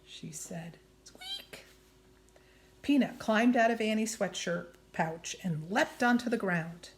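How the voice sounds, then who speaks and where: A woman reading a children's chapter book aloud. She reads slowly and deliberately and drops to a whisper at hushed moments. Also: mid-range voice. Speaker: storybook reader.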